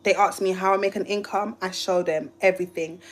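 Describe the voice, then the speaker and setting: A woman's voice: mid-range voice, fairly even intonation, brisk. A woman from the UK, a YouTuber, telling a rambling, emotional story on a live stream. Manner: emotional, rambling, restarts often. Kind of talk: casual livestream storytelling.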